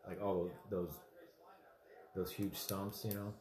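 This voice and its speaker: A man as a podcast guest, talking in a laid-back, halting way. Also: low-pitched, flat delivery, reverberant, a crowd in the background. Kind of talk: casual chat.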